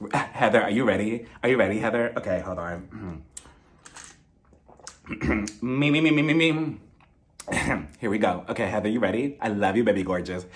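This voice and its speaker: A man voicing a gushing, fussy woman on a reality show, with a low, fawning mutter. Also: moderate pace, long pauses, natural voice.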